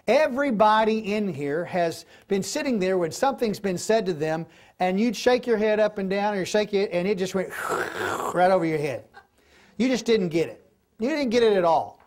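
A man's voice: sits high, darkish tone. Folksy middle-aged male Bible teacher, conversational, recorded in class. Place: classroom or church hall.

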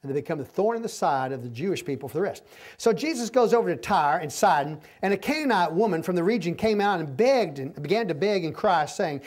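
A man preaches through a passage in a loose, conversational way, explaining as he goes. His voice sits high for a man. He keeps pausing to make sure his listeners are keeping up. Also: animated, a little mellow. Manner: folksy, repeatedly checks in with the listeners. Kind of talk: conversational verse-by-verse sermon.

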